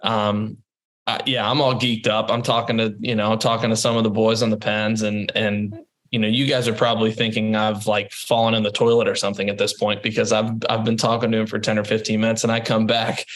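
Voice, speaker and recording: A man in his thirties, a podcast guest, telling stories in a casual, lively way. He laughs often and repeats words as he goes. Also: lowish voice, brisk. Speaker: interview guest. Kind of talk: casual storytelling.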